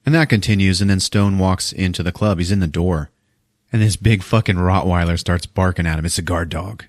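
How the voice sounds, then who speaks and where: A man's voice: sits low, brisk, no room sound, clean studio sound. A man hosting a podcast, recapping a film in casual chat and acting out its characters with lots of swearing. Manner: animated storytelling, acting out characters with profanity.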